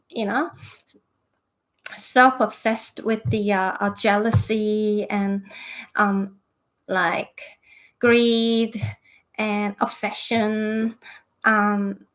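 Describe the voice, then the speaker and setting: A woman's voice: mid-range voice, lightly acted, poor audio. A woman voicing a weary, fed-up inner spirit self that rambles on in exasperation.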